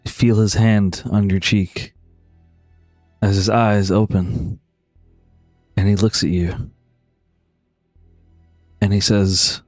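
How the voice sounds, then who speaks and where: A man narrating calmly as game master of a tabletop role-play. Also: fairly low pitch, dry recording, faint music behind. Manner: calm, measured narration.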